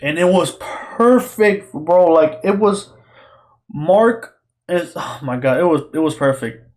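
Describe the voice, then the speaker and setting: A young man talks alone in an excited, rambling way, heavy on slang and swearing. His voice sits a little higher than most men's. He keeps circling back and repeating himself as he reviews. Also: slow. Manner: excited, profane, repetitive slang-heavy talk. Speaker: podcast host reviewing a show. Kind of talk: casual solo rambling review.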